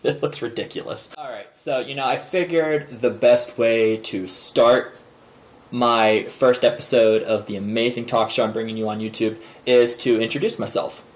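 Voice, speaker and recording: A man in his thirties sits in a chair indoors and rambles jokingly to a camera propped in a desk drawer. His pitch sits in the usual middle for a man, and he keeps poking fun at himself. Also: fairly even intonation, normal speed. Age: 30s. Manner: joking, self-deprecating and rambling. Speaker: vlogger host. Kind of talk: casual comedic monologue to camera. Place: indoor room, seated in a chair.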